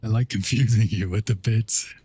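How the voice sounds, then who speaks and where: A man's voice: on the low side, steady tone, moderate pace, warm tone, breathy edge. A man from Ireland with a mild Irish accent, chatting casually with viewers while streaming a game. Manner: laid-back, chatty, thanks viewers. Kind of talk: casual livestream chat while gaming.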